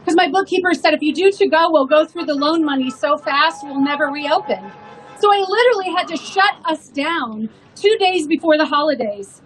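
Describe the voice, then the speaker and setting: A woman's voice: high-pitched, animated, brisk, poor audio. A woman, a restaurant owner, telling an emotional story in an earnest rally speech.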